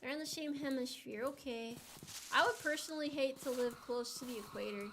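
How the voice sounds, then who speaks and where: While gaming on a live stream, a woman from the United States keeps up playful, casual chat, frequently giggling and reading messages from her chat aloud. She has a high voice and a brisk pace, with a little hiss or hum in the audio.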